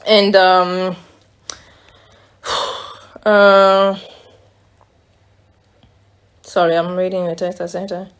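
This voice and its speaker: A young woman from France with a French accent, speaking as a native French speaker in a candid, emotional live-stream confessional, halting and restarting often. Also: on the low side, little pitch movement, smooth.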